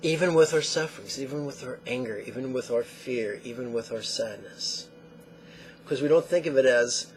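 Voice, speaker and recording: A man teaching meditation, who tells lively stories and acts out the quotes. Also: mid-range voice, moderate pace, slight background noise. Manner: animated storyteller acting out quotes. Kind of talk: spoken meditation lesson.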